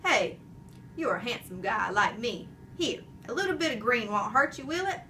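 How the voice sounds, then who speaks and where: A woman voicing a jolly mustached male night janitor who booms, jokes and roars with laughter. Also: lively intonation, moderate pace, bright, forceful tone, far from the mic, a little hiss or hum. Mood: friendly. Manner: booming, jokey, big roaring laugh.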